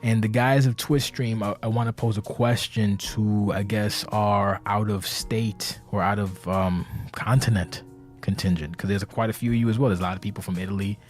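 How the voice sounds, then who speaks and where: A man's voice: on the low side, fairly even intonation, moderate pace, soft background music. A man giving a rambling, profane, casual podcast monologue to his community, tired and anxious, talking from a seat indoors. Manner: rambling, profane, self-interrupting. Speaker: community leader of an online wrestling game league. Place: indoors, seated.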